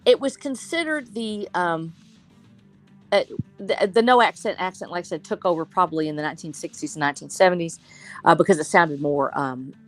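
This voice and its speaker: A woman's voice: lowish voice, brisk, faint music behind. A woman from Texas chatting enthusiastically in a writers' discussion and thinking aloud as she talks. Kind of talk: casual chat.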